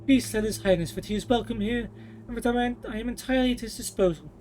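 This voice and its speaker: Cold, scheming queen with a cutting, polite edge, voiced by a man reading aloud in a high voice. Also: fast talker, darkish tone, a little hiss or hum, low-quality recording. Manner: cool, cutting, politely condescending. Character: scheming ambitious queen mother, woman.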